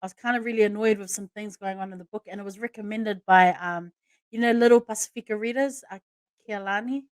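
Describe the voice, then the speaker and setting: A woman's voice: mid-range voice, fast, dry recording. A woman hosting a casual podcast chat, talking in a chatty, emphatic way and laughing often. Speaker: podcast host.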